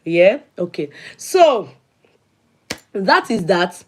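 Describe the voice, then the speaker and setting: A woman's voice: medium pitch, big pitch swings, very slow, a little hiss or hum. A middle-aged woman with a Nigerian accent hosting a casual livestream, greeting viewers by name and slipping into Yoruba phrases. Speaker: livestream host. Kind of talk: casual live chat with viewers.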